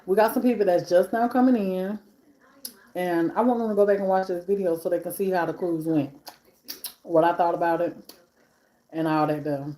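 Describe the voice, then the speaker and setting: A woman's voice: fairly low pitch, moderate pace, pauses often, dark tone. A woman hosting a live stream in casual chat, talking between bites while she eats and piling up repeated phrases for emphasis. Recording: echoey room.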